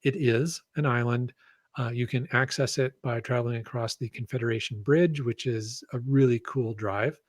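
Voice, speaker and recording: A man's voice: medium pitch, steady tone, moderate pace, dry recording. A man chatting as a guest on a podcast, rambling and hesitant, full of ums and restarts. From Canada. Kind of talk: casual podcast chat.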